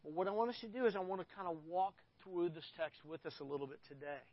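A man's voice: high voice, lively intonation, quick pace, dry recording, dull audio. A man preaching a sermon as a pastor, talking casually and reading scripture aloud with rising emphasis. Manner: conversational, reads scripture with emphasis.

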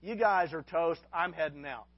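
A man's voice: fairly high pitch, normal speed, muffled recording. A man doing an offhand Jesus brushing people off. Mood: breezy.

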